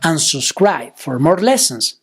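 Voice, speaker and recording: A woman teaching Spanish, patiently explaining grammar rules and slowing down to model example words. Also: sits low, big pitch swings, husky, soft background music. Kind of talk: explanatory language lesson.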